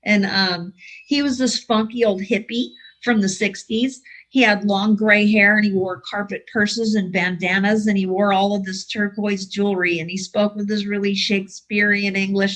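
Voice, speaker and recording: A woman's voice: mid-range voice, a bit bright, poor audio. Middle-aged woman, recovery speaker, dry self-mocking humor, video-call audio. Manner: wry, self-deprecating humor. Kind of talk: recovery share storytelling. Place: home, online meeting.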